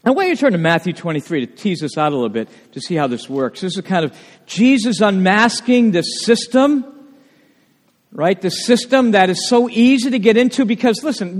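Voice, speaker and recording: A male pastor preaching a sermon, animated and full of rhetorical questions. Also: high-pitched. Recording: long reverb of a church hall.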